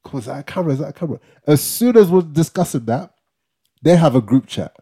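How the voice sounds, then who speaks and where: A man's voice: fairly high pitch, lively intonation, fast talker, warm tone, slightly rough. A young man, co-hosting a podcast and animatedly retelling a story, acting out quotes with slang and tagging lines with "yeah?". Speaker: podcast co-host. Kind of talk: casual storytelling chat.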